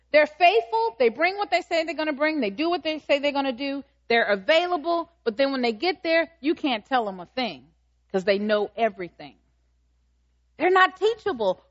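A high-pitched woman preaches in an emphatic, questioning way, pressing the congregation again and again. The sound is a little dull and lo-fi. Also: animated, moderate pace. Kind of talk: sermon.

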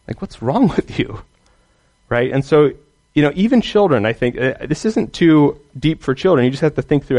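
A man's voice: mid-range voice, a little mellow. A man teaching others how to preach and teach the Bible, earnest and emphatic, often checking in with the listener.

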